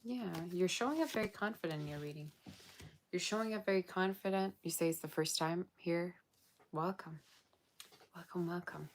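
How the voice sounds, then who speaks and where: A woman's voice: on the low side, moderate pace, a little hiss or hum. A woman giving a casual tarot reading, chatty and blunt with exasperated asides, sounding tired and yawning. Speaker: tarot reader.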